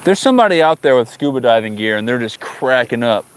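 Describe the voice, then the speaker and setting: A man's voice: mid-range voice, lively intonation, quick pace, clear, resonant tone. Brief: male fishing streamer, casual joking banter aimed at viewers, outdoors by the water, bugs chirping behind. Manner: joking, talks to viewers, exasperated at the fish. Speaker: fishing livestream host. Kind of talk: casual livestream chat.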